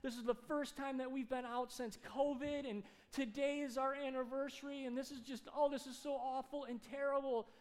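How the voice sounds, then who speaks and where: A man's voice: very high-pitched, level tone, normal speed, hardly any pauses, voice pushed up. A man doing a frantic tearful wife. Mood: distraught. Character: distraught middle-aged wife, tearful and frantic.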